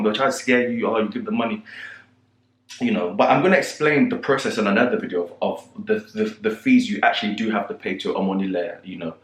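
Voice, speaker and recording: A young man spins a story with lots of laughs and slang, his pitch swinging up and down as he goes. He talks from a roomy space that echoes. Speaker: vlogger. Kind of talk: storytime vlog. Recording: roomy echo.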